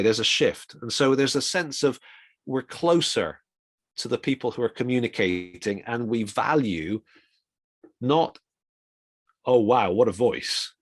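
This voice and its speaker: Middle-aged man giving a relaxed talk. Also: mid-range voice, no echo, clean studio sound. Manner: informal, reflective, with quick asides. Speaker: speaker on communication for ministry. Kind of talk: conversational talk.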